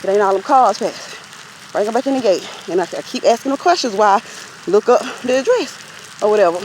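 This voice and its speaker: A woman's voice: medium pitch, expressive, fast talker, a little mellow, a little hiss or hum. A woman vlogger telling a story in a casual, chatty way and talking straight to her viewers while out on a walk. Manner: chatty, addresses viewers directly. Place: outdoors while out walking.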